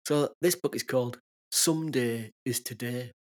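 A man co-hosting a podcast in casual chat, chatty and friendly and quick to laugh. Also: medium pitch. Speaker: podcast co-host.

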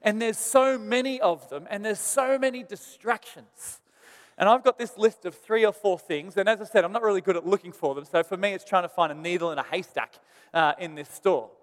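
A man's voice: high-pitched, fairly quick, long reverb tail. A man, a pastor telling a self-deprecating story in a sermon.

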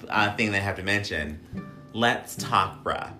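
A man's voice: on the low side, measured pace, bright, forceful tone, soft background music. A man hosting a casual podcast, chatty and playful, swearing freely. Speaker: podcast host.

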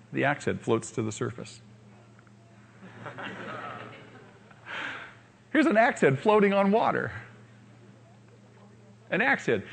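A male pastor preaches a sermon, giving the characters in his story lively voices and posing rhetorical questions to the congregation. His voice sits high and sounds gravelly.

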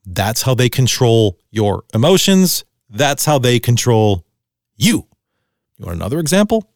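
A man's voice: mid-range voice, very animated, unhurried, no room sound, studio quality. A middle-aged man hosting a solo podcast, talking bluntly and ranting with lots of swearing. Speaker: podcast host.

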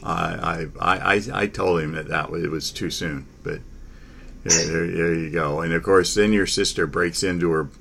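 A man hosting a casual sports talk chat, halting, with many fillers and restarts. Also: sits low, fairly even intonation, gravelly, a bit bright, slight background noise.

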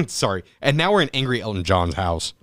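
A man chatting casually about a movie, animated and profane, often restarting his sentences. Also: mid-range voice, normal speed, no echo, clean studio sound.

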